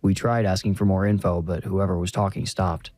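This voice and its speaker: Eager young man, low and mellow, near the narrator's voice , read by a man. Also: flat delivery, fairly quick, dry recording.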